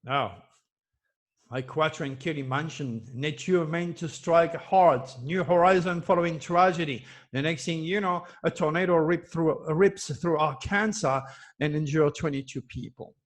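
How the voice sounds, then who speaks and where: A man with a somewhat high voice talks alone to his viewers as an astrologer, reacting to news headlines. He preaches with rising passion, hammering points home by repeating phrases over and over. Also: a little slow. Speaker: astrologer giving predictions. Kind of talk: emphatic solo commentary on news headlines.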